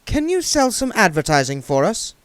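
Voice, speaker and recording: A man's voice: big pitch swings, moderate pace, clear, resonant tone, no echo. A man voicing a prim, practical young woman in a clipped, raised voice, reading a storybook. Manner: high clipped voice.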